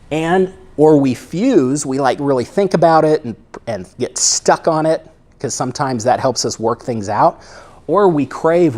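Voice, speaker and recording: A man's voice: mid-range voice, darkish tone. A middle-aged man, a psychologist, giving a conversational lecture and often checking in with "right?" and "okay?". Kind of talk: lecture talk.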